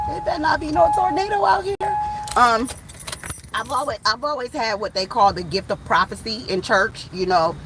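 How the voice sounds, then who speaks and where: A woman tarot reader chatting casually to her viewers outdoors, animated and swearing freely as she tells stories. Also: on the high side, slight background noise, low-quality recording. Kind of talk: casual storytelling vlog.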